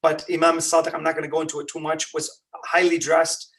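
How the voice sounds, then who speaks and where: This man's Ramadan lecture is lively and conversational, with frequent rhetorical questions aimed at his listeners. He talks a little fast in a voice pitched fairly high for a man, and the mic is distant, as if he's standing away from it.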